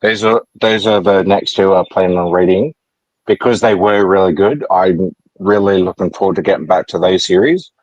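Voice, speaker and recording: A man from Australia with a low voice talks easily as a guest in a book chat, pausing often with fillers. His sound is dry and close, with no room around it, over a video call. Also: fairly even intonation, no room sound, lo-fi sound. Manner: easygoing, many fillers. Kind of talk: casual chat.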